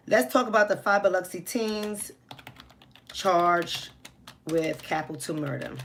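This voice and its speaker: A woman's voice: low voice, slight background noise. Blunt New York woman streaming live. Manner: blunt, outspoken, talks straight to chat. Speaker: livestream host.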